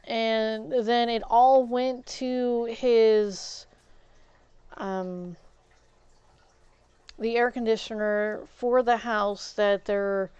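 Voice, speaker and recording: A woman streamer rants casually and indignantly, stopping and restarting with lots of fillers. Her voice sits a little high and sounds smooth and clear, and she talks slowly. The stream audio is dull and lo-fi. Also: a little mellow, no room sound. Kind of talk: casual rant to a live stream.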